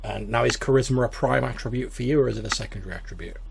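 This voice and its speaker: Man, tabletop game master, gravelly, loose rambling delivery. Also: mid-range voice, racing, slight background noise. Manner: casual, rambling, filler-heavy.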